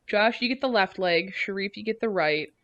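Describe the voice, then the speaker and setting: A woman's voice: mid-range voice, moderate pace, a bit bright, highs cut off. Giggly woman guest on a podcast. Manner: giggly, laughs through her stories. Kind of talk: casual chat.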